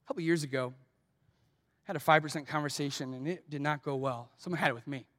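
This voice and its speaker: A man's voice: on the high side, fast, a bit bright. A man preaching a sermon as pastor, earnest and personal, asking his congregation direct questions and telling stories from his own life.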